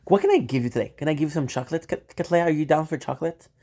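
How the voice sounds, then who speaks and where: A man's voice: a little high, racing, warm tone. A man live-streaming, rambling playfully and talking straight to his viewers. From Canada. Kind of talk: casual live-stream chat.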